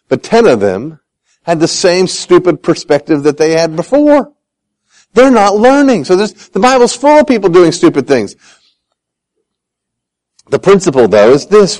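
Animated, humorous male preacher. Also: a little high, rough recording. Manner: humorous, self-deprecating storytelling; animated, acts out quoted voices. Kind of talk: sermon.

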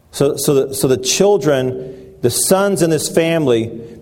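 A man preaching a sermon in an earnest, halting way, often restarting his phrases. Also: medium pitch, a little mellow.

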